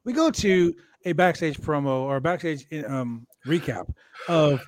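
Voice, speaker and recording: A man's voice: unhurried, no room sound. Jokey man recapping wrestling, dry sound. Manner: animated, jokey, acts out quoted lines in high voices. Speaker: podcast host. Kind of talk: casual wrestling recap chat.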